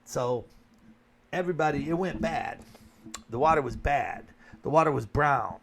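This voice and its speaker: A man from Flint, Michigan, rants in a casual, blunt, street-level way, talking straight to his viewers. His voice sits somewhat high for a man, and he speaks in loose, colloquial phrasing. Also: moderate pace, vocal fry, crowd noise. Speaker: vlogger. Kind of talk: casual opinion monologue.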